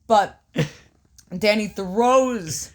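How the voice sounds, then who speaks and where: A woman co-hosting a casual podcast, swearing constantly as she tells a story in an animated way. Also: medium pitch, very slow. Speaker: podcast co-host. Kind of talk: casual chat recapping wrestling.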